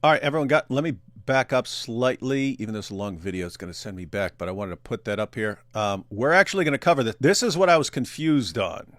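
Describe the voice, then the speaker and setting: A man's voice: mid-range voice, lively intonation, fast, few pauses, fairly bright tone, dry recording. Chatty man reacting to clips. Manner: laughs often, loose and chatty. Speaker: reaction streamer. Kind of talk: casual commentary on clips.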